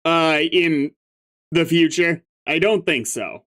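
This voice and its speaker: A man's voice: fairly high pitch, slow, fairly bright tone. A man casually commenting while reading a comic aloud, chatty and a bit unsure. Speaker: comic reader.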